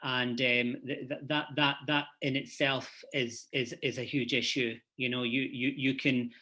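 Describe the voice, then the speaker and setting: A man's voice: medium pitch, little pitch movement, a little slow, bright, forceful tone. A man with a Glasgow Scottish accent speaking earnestly on a conference panel, with many restarts. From Scotland. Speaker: panelist, head of university department.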